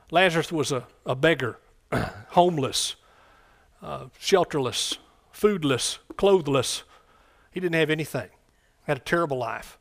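A man's voice: on the high side, animated, unhurried. A man preaching a sermon in a conversational way, often repeating phrases and asking the congregation questions.

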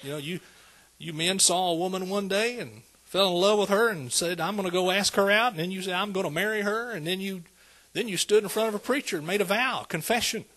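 A man's voice: high voice, brisk, few pauses, a bit bright. A man preaching a sermon, conversational and calling out to the congregation. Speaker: pastor.

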